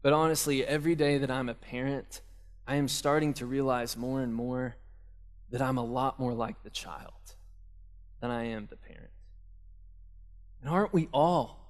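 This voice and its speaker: Here a young man preaches at normal speed in a medium-pitched voice, leaving long pauses, as a hall's long reverb surrounds him. As a pastor, he keeps things conversational, telling home stories and speaking straight to the parents.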